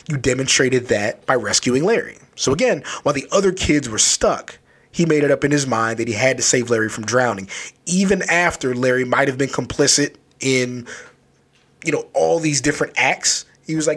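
A man casually recapping a children's horror story, loose and animated, with lots of filler words. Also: mid-range voice, moderate pace, husky. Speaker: book reviewer.

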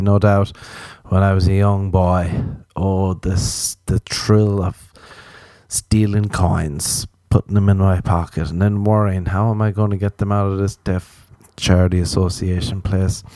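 A man hosting a solo late-night podcast, rambling and joking at his own expense with sudden jumps in pitch. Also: mellow, dry recording, studio quality. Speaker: podcast host.

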